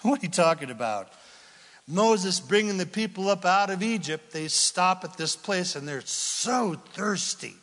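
Animated high-voiced man preaching in a hall. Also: a little slow. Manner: animated, acts out Bible scenes with casual voices. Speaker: pastor. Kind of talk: sermon.

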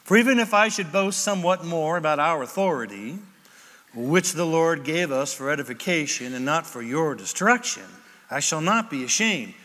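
Animated preacher man in an echoey hall. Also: a little high, moderate pace. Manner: animated, jokey, acts out quoted voices. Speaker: pastor. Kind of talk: sermon.

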